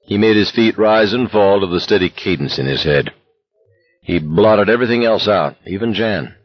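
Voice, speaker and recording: A male narrator reads a novel in a steady, intense voice. His tone is very low and husky, with a dry, close sound. The recording itself is dull and lo-fi. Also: moderate pace, no echo. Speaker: audiobook narrator. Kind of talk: scripted narration.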